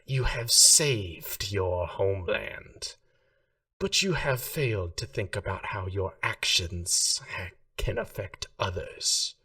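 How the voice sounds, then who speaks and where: A cold, menacing goddess of the sands speaks in a slow, drawn-out hiss, put on by a man. Her threats come unhurried and strong, and the voice sounds set back from the mic. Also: low-pitched, animated, pushed and bright, no echo, recorded from a distance, heavily acted. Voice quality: hissing.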